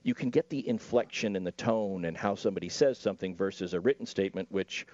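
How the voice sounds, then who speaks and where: A man explains court rules in a measured, explanatory tone on a discussion panel. His voice sounds dry and close, with a dull, lo-fi quality to the recording. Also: low-pitched, darkish tone, no room sound. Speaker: legal commentator.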